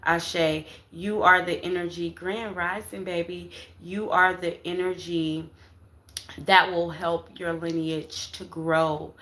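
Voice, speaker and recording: A woman's voice: on the low side, fairly even intonation, takes it slowly, a bit bright. A woman giving a casual spiritual tarot reading to her viewers, calling them "y'all" and checking in with "okay?" after nearly every phrase. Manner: casual, repetitive, addresses viewers as "y'all" and "baby"; emphatic, punctuates with "okay?" and "Ashe". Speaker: tarot reader.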